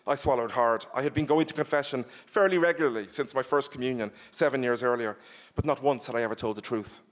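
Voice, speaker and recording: A man, an author, giving an expressive live reading of his own novel. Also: medium pitch, fast. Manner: expressive, animated storytelling.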